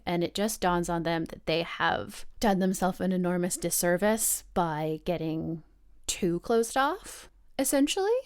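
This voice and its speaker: Woman player narrating her character in first person; smooth, clear tone, thoughtful, brightens for quoted lines. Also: a little slow. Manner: reflective, acts out quoted dialogue with lively pitch jumps. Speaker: player in a tabletop role-playing game.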